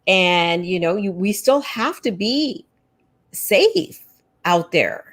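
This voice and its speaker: A woman's voice: medium pitch, animated, takes it slowly, fairly bright tone. A woman co-hosting an educators' livestream in casual chat, agreeable and talking in loose starts with many fillers.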